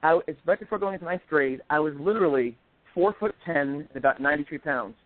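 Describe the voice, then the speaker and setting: A man in his forties, a guest in a casual chat, telling stories with animated delivery and acting out quoted voices. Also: fairly high pitch, quick pace, dry recording. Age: 40s. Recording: tinny phone line.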